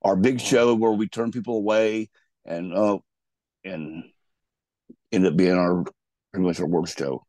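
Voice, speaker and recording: A man's voice: low-pitched, steady tone, a little slow, long pauses, darkish tone, no echo. A man telling rambling stories about his wrestling days in a casual interview. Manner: rambling, loose storytelling with restarts. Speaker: guest, former pro wrestler.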